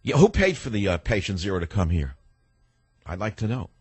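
A man's voice: lowish voice, big pitch swings, fairly quick, a little mellow, husky, no echo. An older man in his sixties hosting a talk radio show, delivering a combative, ranting monologue that turns reflective at times. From United States.

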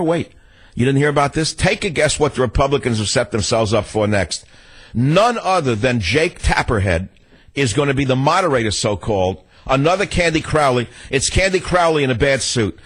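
A man's voice: mid-range voice, slightly rough. An older man hosting a political talk radio show, ranting in a combative, sarcastic way.

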